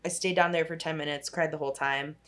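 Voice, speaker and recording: A woman's voice: deep voice, fairly even intonation, fast, a bit bright. A young woman, a social worker, telling a long personal story in casual chat, full of "like" and the odd swear word. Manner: rambling storytelling, heavy use of "like", casual swearing.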